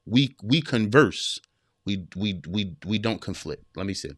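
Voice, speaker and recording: A man's voice: fairly low pitch, animated, a little slow, a bit bright, no echo. Forties guy hosting a podcast, keeps repeating himself for emphasis, talks right at you, dry close sound. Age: 40s. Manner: emphatic, repeats phrases, addresses listeners directly. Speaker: podcast host giving relationship advice. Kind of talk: casual counseling talk to listeners.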